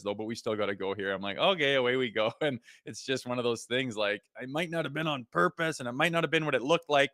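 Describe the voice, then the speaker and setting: A man's voice: medium pitch, dry recording, studio quality. A Canadian man in his thirties, a former player co-hosting a casual hockey podcast, telling stories and acting out what people said. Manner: animated storytelling, acts out quotes. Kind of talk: casual sports podcast chat.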